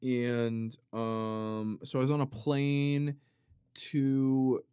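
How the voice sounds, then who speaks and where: A man hosting a podcast, talking in a rambling, tangent-hopping casual monologue with plenty of swearing and animated emphasis. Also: mid-range voice, very slow, clear, resonant tone, dry recording, clean studio sound. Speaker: podcast host.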